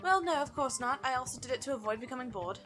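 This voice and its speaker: Smug, theatrical villainess schoolgirl, high and clear, voiced by a woman, over faint game music. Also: expressive, fast talker. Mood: smug lecturing. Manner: condescending, theatrical and cruel. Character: haughty teen girl mastermind, lecturing like a teacher. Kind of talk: fan voice-acting over a game.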